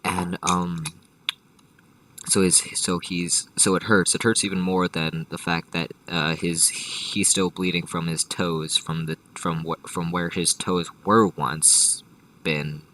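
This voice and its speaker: A man's voice: sits low, little pitch movement, slow, bright, forceful tone, no echo, recorded from a distance, rough recording. A man telling an improvised comedic story in a rambling, profane way, full of restarts and side remarks. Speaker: storyteller host.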